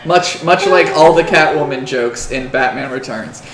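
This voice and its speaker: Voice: medium pitch, normal speed. A game master narrating a tabletop game in a playful, laughing way. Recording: echoey room with chatter.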